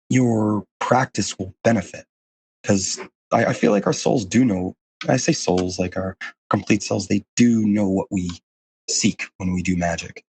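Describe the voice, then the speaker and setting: A man's voice: lowish voice, a little mellow, slightly rough. A man as a podcast guest, talking earnestly in a casual, rambling way with lots of fillers and restarts. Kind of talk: casual interview conversation.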